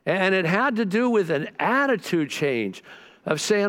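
Fervent, animated male preacher. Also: sits high, unhurried. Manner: animated storytelling with repeated restarts, bursts of fervor. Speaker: pastor. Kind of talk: sermon.

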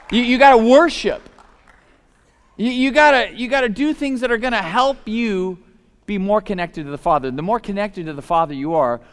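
A male preacher delivering a lively sermon in a big hall, his voice sitting a little higher than most men's. He talks casually, like chatting with the crowd, then builds to emphatic shouts before dropping to quiet asides. The long reverb of the room trails after every line. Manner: animated, swings from loud emphatic shouts to soft low asides; casual, conversational phrasing with fillers.

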